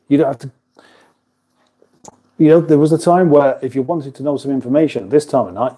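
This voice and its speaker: A man's voice: medium pitch, dark tone. A man hosting a casual kitchen livestream, chatting loosely and reading out viewer comments, often chuckling and breaking off his own sentences. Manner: rambling, chuckling, self-interrupting. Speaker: livestream host. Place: home kitchen.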